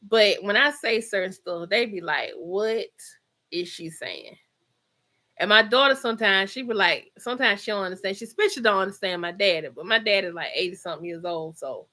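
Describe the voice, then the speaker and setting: A middle-aged Georgia woman talks fast with hardly any pauses, her mid-range voice carrying a sharp tone. Hosting a casual livestream from home, she reads live comments, chats away in her Southern accent, laughs often and drops plenty of Southern slang.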